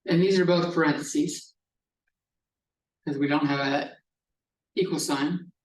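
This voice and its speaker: A man's voice: fairly high pitch, steady tone, unhurried, a little hiss or hum. A male math professor giving a classroom lecture, explaining step by step in a casual style with some swearing. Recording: echoey classroom from a distance.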